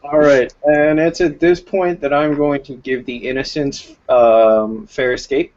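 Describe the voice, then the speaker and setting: A man running a tabletop game as game master, relaxed and thinking aloud with fillers. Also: on the high side, unhurried, a little hiss or hum. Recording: dull lo-fi recording.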